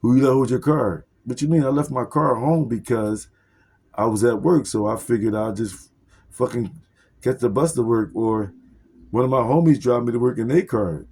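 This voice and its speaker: A man's voice: mid-range voice, moderate pace, darkish tone, slightly rough. A young man telling a personal story in casual street slang, with heavy profanity and fillers, acting out what each person said.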